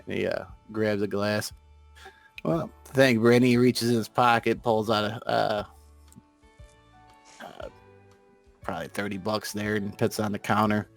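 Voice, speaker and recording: Man, player, low pitch, halting, faint music. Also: little pitch movement, gravelly. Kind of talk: tabletop role-play.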